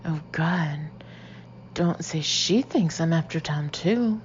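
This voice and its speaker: A woman reading a first-person novel as an audiobook, expressive and slipping into breathy whispered asides. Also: deep voice, takes it slowly, lo-fi sound, slight background noise. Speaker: audiobook reader.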